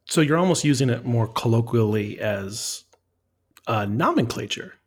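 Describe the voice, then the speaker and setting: A man's voice: mid-range voice, expressive, normal speed, breathy edge. A man interviewing people, curious and thoughtful, openly amused by the answers. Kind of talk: casual interview questions.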